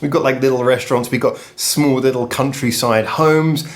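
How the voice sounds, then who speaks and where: Male music reviewer, casual and enthusiastic, mid-pitched, rephrases mid-sentence. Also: steady tone, moderate pace. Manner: chatty, self-correcting, enthusiastic.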